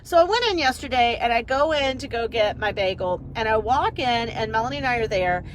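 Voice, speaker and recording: Woman, business coach, casual live chat, rambling and energetic, fairly high voice, phone in a car, faint road noise. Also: a little fast, low-quality recording. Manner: chatty, rambling, energetic storyteller.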